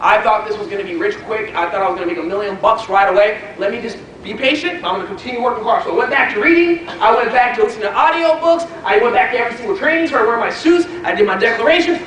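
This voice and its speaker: A man giving a motivational network marketing training, telling animated stories and quizzing the audience. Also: very high-pitched, fast. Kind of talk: motivational speech to a live audience. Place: training event hall. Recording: echoey hall, distant mic.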